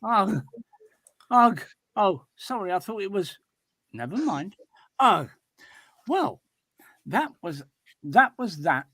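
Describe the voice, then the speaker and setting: A man's voice: high-pitched, sing-song, slow pace, long pauses, bright, forceful tone, no echo, pitched above the performer's own voice, heavily acted. A man doing a groaning cave dweller. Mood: grumbling. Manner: groaning, complaining. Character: grumbling cave-dwelling traveller, sore and hungover.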